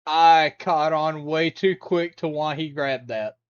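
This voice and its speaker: A reaction host chatting casually and excitedly, with loud sudden outbursts. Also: medium pitch, slow pace, smooth. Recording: dull, dry close sound.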